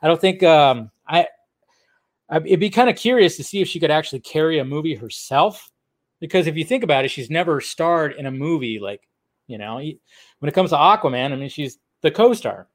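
A man's voice: a little high, animated, a little fast. A man hosting a casual live video chat, answering viewer comments in a loose, rambling way with lots of fillers and restarts. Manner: loose and offhand, swears casually. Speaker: host of a live video show.

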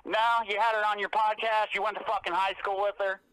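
A man's voice: high-pitched, little pitch movement, quick pace, fairly bright tone, smooth, dry recording, rough recording. A man calling in to a podcast, aggressive and threatening, cursing constantly. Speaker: angry caller. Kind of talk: profane phone rant.

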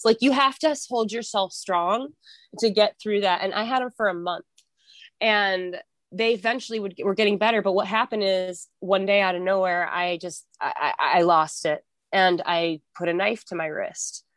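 A woman's voice: mid-range voice, normal speed, dry recording. A young woman as a podcast guest and author, speaking candidly and freely about her life, rambling and swearing often.

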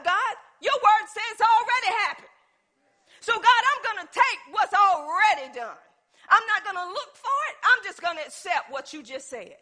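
Woman preacher, very high voice, bright tone, animated, playful, sermon. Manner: animated, playful, acts out little scenes.

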